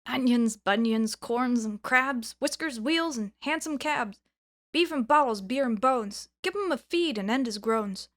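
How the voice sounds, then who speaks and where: A woman voicing an angry, rude male magic pudding with a thick, loud, bossy voice in a storybook reading. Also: a little high, expressive, a little slow.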